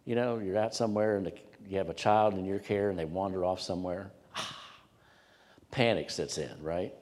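A male pastor preaching to a congregation in an emphatic, storytelling manner, leaning on repeated words. His voice sits low, and a long reverb fills the church hall around him. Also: fairly even intonation, normal speed, a little mellow. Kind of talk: sermon.

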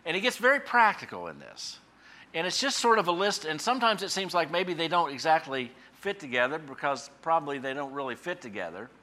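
Folksy middle-aged preacher with a bright voice. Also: male voice, fairly high pitch, sing-song, fairly quick. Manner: folksy, storytelling, loose with fillers and restarts; punches key phrases by suddenly raising his voice. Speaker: pastor and Bible teacher. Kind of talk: conversational radio sermon.

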